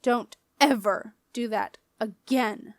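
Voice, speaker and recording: A cold, menacing male ghost, put on by a woman reading an audiobook speaks in a slow, hollow intoning voice, each word weighted with threat. The delivery is unhurried and pitched a little high, recorded close and dry in a storybook reading. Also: fairly bright tone, no room sound.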